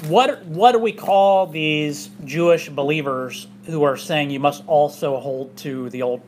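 A man's voice: on the high side, a little slow, a little mellow, slight background noise. A male pastor preaching a casual, conversational sermon in a church, with many asides. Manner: conversational, chatty, with frequent fillers and asides. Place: church sanctuary.

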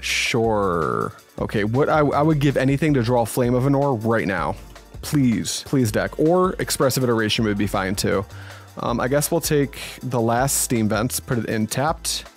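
A man giving casual live commentary on his own card game, thinking aloud, talking to his opponent and swearing when annoyed. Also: medium pitch.

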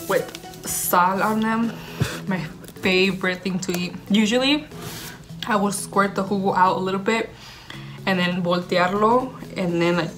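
A young woman vlogging casually, gushing and chatty as she tastes food at home, slipping Spanish words into her talk. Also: mid-range voice. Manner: bubbly, gushing, mixes in Spanish words while eating. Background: background music.

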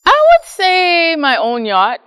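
A woman from the Bahamas, a psychologist and professor, giving measured explanatory answers in an interview and often ending a point with a tag question. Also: sits high, very animated, fairly bright tone, long reverb tail, rough recording.

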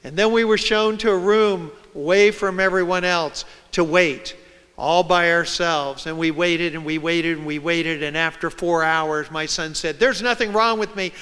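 A man's voice: a little high, steady tone, unhurried, a bit bright, smooth. A man giving a public talk, telling a personal story and acting out the voices of the people in it. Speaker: speaker. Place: large hall with audience. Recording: long hall reverb.

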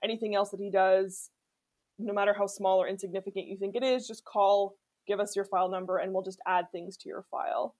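A woman's voice: medium pitch, fairly even intonation, brisk, darkish tone. Candid woman in a chatty interview. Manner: candid, chatty, many fillers like "like" and "you know". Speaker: interviewee telling of being stalked. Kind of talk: documentary interview.

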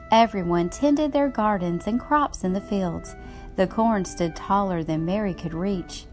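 Woman, storybook read-aloud, lively intonation, mid-pitched voice, faint music behind. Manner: expressive, gently paced storytelling. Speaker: storybook reader.

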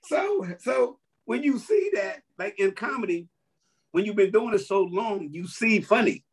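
Comedian guest, male, husky and high-pitched, swings his pitch a lot; animated joke-teller. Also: unhurried. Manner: animated, laughs through his stories. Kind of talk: casual chat explaining jokes.

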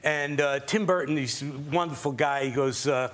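A man's voice: mid-range voice, moderate pace, few pauses, fairly bright tone. A man guest on a talk show, telling a rambling casual anecdote.

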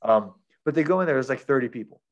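A man's voice: medium pitch, animated, fast, highs cut off. A man retelling a book plot in casual chat as a podcast reviewer, rambling with lots of fillers.

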